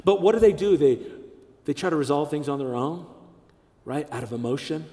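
A man's voice: a little high, animated, brisk, mellow. A man in his thirties preaching a sermon. He speaks emphatically, repeats key phrases and acts out the voices of the people he quotes. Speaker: pastor. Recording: reverberant hall.

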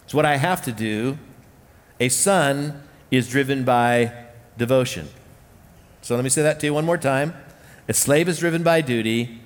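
A male pastor delivers a sermon in an earnest, searching way, circling back to repeat his key lines. His voice sits at an ordinary middle pitch. A long hall reverb trails after each phrase.

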